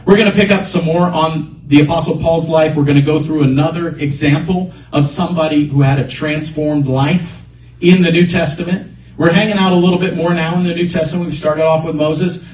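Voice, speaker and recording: A man pastor preaching a sermon in a church, animated, often calling out praise. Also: on the high side, brisk, echoey room, distant mic, low-quality recording. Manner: animated, repeats exhortations.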